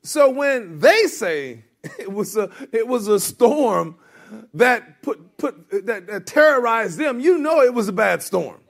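A man preaching a sermon as a pastor, reading scripture and then acting out the disciples' voices with lively energy. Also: very high voice, slow pace, creaky. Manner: animated, acts out the disciples' voices.

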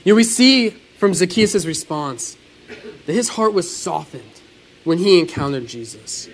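Pastor, male. Earnest sermon delivery, high and very lively pitch. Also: measured pace, poor audio. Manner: animated, earnest preaching with sudden swells and drops.

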